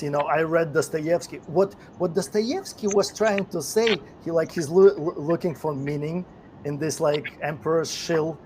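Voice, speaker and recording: Ranting man with a noisy background. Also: fairly high pitch. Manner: ranting, sarcastic, many fillers and restarts. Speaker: podcast co-host. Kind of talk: casual opinionated chat.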